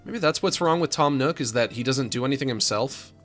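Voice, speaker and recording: A man streaming a video game, tossing out sarcastic, deadpan asides. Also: medium pitch, brisk, faint music behind. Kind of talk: casual game commentary.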